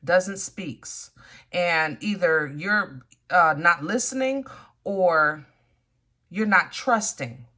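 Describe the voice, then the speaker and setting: Tarot reader, woman, lowish voice, blunt and lively, talks right at the viewer. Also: very slow. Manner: animated, blunt, swears in frustration, addresses viewer directly.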